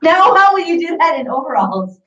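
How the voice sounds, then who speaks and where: A playful woman co-host, chatting casually and laughing a lot, with a high voice that jumps all over. She sounds far from the mic in a roomy, echoing space. The audio is dull, like a low-grade live stream. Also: very animated, fairly quick, a bit bright, a little hiss or hum.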